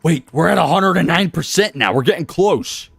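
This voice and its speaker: A man live-streaming a video game, animated, laughing and chatting with his viewers. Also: on the high side, normal speed, creaky, breathy edge, no room sound, soft background music. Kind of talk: live gameplay commentary.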